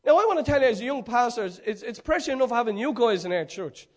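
A man's voice: very high voice, expressive, fast talker. A man preaching a fervent sermon, building with rhetorical repetition.

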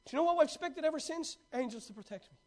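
Male preacher with a high voice, delivers a sermon that shifts from excited storytelling to a hushed, pressing call. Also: very fast. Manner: swings from excited, laughing storytelling to hushed, urgent exhortation.

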